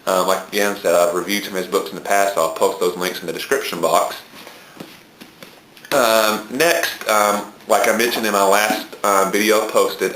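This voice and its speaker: A man with a Southern US drawl speaks in a low register, filling his casual book talk with frequent ums. The sound bounces around a reverberant room. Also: a bit bright, slight background noise. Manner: hesitant, many ums. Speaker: book reviewer. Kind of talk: casual video blog talk. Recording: echoey room.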